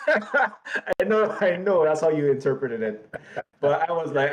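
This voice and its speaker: A young adult man co-hosting a casual podcast, telling stories in an animated, self-mocking way. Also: on the high side, takes it slowly. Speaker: co-host.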